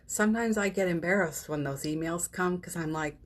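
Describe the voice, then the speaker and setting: This woman, host of a daily live session, speaks a little fast in a lowish voice. Through a phone or webcam on her live stream, she chats casually and encouragingly about a spiritual practice one morning, with fillers and small laughs.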